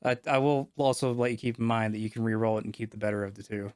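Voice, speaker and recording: A man's voice: on the low side, fairly even intonation, fast talker, a little mellow, dry recording, clean studio sound. Man running a tabletop game. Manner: casual, many fillers and restarts. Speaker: game master.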